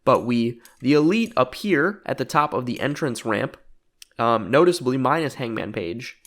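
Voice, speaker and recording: A man voicing an arrogant male wrestling villain who hurls mocking, shouted taunts. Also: medium pitch, lively intonation, normal speed, lightly acted. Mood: gloating.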